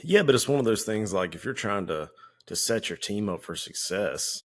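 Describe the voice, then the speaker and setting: Speaking at a moderate pace in a very deep voice, this podcast co-host recounts his firefighting days in an easy, conversational manner. Every so often he performs the quoted lines of the people in his story.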